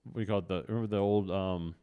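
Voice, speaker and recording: Male podcast co-host, lower voice, loose rambling chatter. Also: steady tone, very fast, clean tone, narrow, tinny audio. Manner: rambling, many "like"s and restarts. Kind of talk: casual comedic chat.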